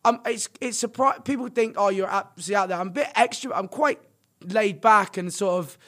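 High-voiced young man telling tales. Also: brisk. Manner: rambling, filler-heavy, animated storytelling. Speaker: podcast guest, streamer. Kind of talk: casual storytelling chat.

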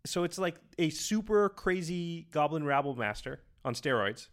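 A man co-hosting a podcast, talking casually, quick and enthusiastic, rambling with restarts. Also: fairly high pitch, expressive, a bit bright. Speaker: podcast co-host. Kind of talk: casual chat.

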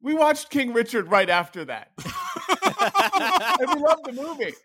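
A man, a comedian guest, telling rambling, animated anecdotes in casual chat. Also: very high-pitched, unhurried, breathy edge.

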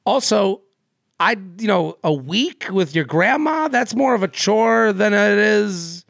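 A man's voice: high voice, animated, gravelly, fairly bright tone, no echo, clean studio sound. A man co-hosting a podcast, joking and rambling in casual chat. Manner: jokey, rambling, quick asides. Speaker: podcast co-host.

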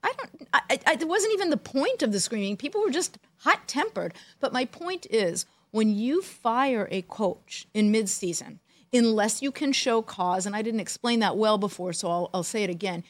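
A woman co-hosting a podcast, a former team executive telling animated stories with dry jokes. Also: a little high, normal speed, no echo. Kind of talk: casual storytelling chat.

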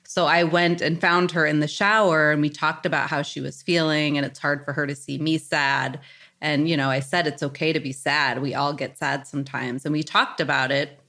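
A woman in her forties, a psychologist guest on a podcast, explaining things calmly and reflectively. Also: low voice, moderate pace. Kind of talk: podcast conversation.

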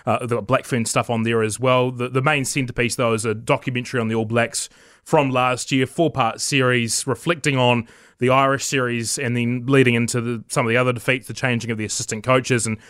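A man's voice: mid-range voice, a bit bright, no room sound. A New man, a rugby editor, chatting easily in a radio studio interview.

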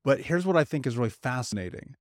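A man hosting a podcast interview, reflective and measured, with casual swearing. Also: mid-range voice, expressive, no room sound, clean studio sound. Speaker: podcast host. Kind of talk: conversational interview.

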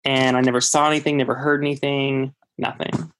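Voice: mid-range voice, flat delivery, a little fast, fairly bright tone. A speaker telling a personal ghost story in casual chat, rambling with many fillers and restarts. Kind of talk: casual spoken anecdote.

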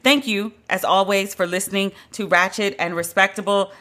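A woman's voice: mid-range voice, steady tone, normal speed, a bit bright. A woman hosting a solo podcast, talking in a blunt, emphatic, conversational way and drawing out the words she stresses. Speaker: podcast host.

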